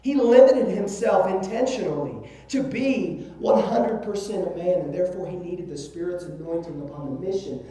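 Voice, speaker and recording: A man's voice: a little high, warm tone. A man with a Southern US accent preaching a sermon as pastor, emphatic, repeating words and asking "right?" of his listeners. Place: church sanctuary. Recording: very echoey room, voice from a distance.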